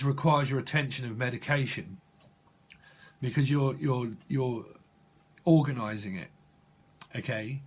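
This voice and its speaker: A man giving a channeled psychic tarot reading, halting and restarting often as he speaks to the viewer. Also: medium pitch. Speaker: tarot reader.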